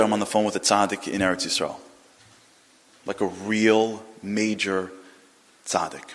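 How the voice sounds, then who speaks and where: A man giving an inspirational talk, telling a story in an animated, dramatic way. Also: on the low side. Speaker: inspirational speaker. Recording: long hall reverb.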